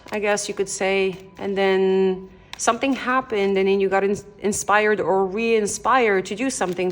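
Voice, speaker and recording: A young Canadian woman giving a casual tarot reading. She talks straight to the viewer in a gentle, encouraging way, thinking aloud and often restarting her sentences. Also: medium pitch, slight background noise. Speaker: tarot reader.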